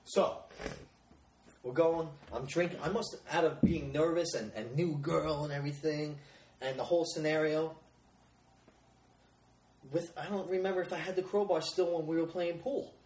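A man's voice: fairly high pitch, fairly even intonation, normal speed, pauses often, a little mellow, reverberant. A man telling a crude, rambling story in a casual podcast chat. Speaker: podcast co-host.

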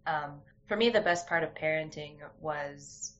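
A young woman, appearing as a guest, speaks candidly in a casual conversation with a low, fairly bright voice and a slightly slow pace. She tells stories and restarts her sentences often. The recording sounds dull and lo-fi.

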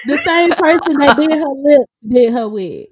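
A woman co-hosting a casual chat, talking in a laid-back, drawn-out way and laughing often. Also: sits high, animated. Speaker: podcast co-host reviewing wrestling.

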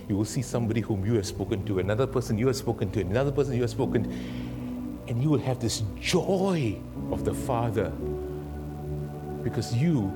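Male preacher, dramatic storytelling, loud then hushed, music playing underneath. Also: lowish voice. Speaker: guest preacher. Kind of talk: sermon.

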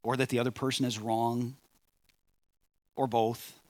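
A pastor preaching a sermon in a measured way, rising on key phrases and dropping soft at line ends. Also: male voice, mid-range voice, flat delivery, dry recording.

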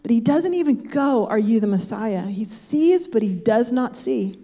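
A woman's voice: a little high, lively intonation, a little slow, mellow. An older woman giving a casual Bible teaching, chatty and full of personal asides.

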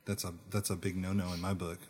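An American man co-hosting a podcast, talking in an animated, joking way. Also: low voice, quick pace. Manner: animated, joking, self-deprecating. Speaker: podcast co-host. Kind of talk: casual chat.

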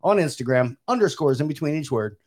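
A man's voice: on the high side, lively intonation, brisk, darkish tone. Rambling man co-hosting a casual podcast. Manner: rambling, with frequent fillers and restarts. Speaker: podcast co-host. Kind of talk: casual chat.

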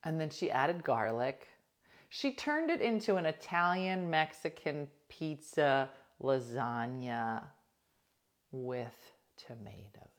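A woman hosting a casual livestream, chatting to viewers and telling a gossipy story, dropping to hushed asides now and then. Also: rumbling low, animated, slow. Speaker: livestream host. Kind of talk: casual chat reading viewer comments.

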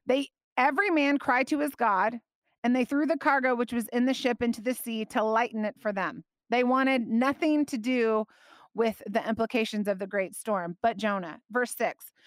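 Woman Bible teacher, higher voice, lively and emphatic, dry close sound. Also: normal speed, no echo. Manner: animated, emphatic, laughs often.

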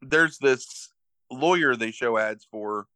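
A man of ordinary pitch with a bright, crisp edge to his voice, heard dry and close with no room around him. He retells a story in loose casual chat, stacking fillers and correcting himself mid-sentence. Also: slow pace, dry recording. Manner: rambling, filler-heavy retelling with frequent self-corrections. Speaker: podcast co-host recapping a movie.

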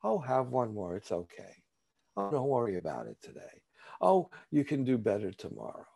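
A man voicing his food addiction as a soft, wheedling inner voice that tempts him to eat. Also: lowish voice, animated, fast. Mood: coaxing. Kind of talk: acted inner voice in a recovery share.

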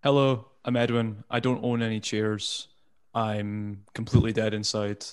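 A man on a casual video chat, delivering gloomy jokes in a deadpan way. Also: lowish voice, measured pace, smooth. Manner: deadpan, dark humor. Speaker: panel guest. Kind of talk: casual live stream chat. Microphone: video call.

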